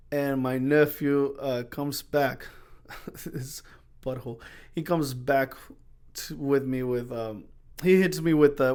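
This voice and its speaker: A young man talks through his week on his own podcast in a loose, rambling way, in a voice of ordinary pitch for a man. He often stops to correct himself and acts out what he and others said. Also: fairly even intonation, measured pace. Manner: rambling storyteller, self-correcting, acts out quoted exchanges. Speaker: podcast host. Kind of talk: casual solo podcast chat.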